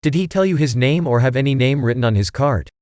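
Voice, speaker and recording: A man's voice: medium pitch, expressive, fast talker, a little mellow, dry recording, studio quality, lightly acted. A man reading an audiobook, voicing a clever teenage boy detective who speaks in precise, formal phrases. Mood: probing.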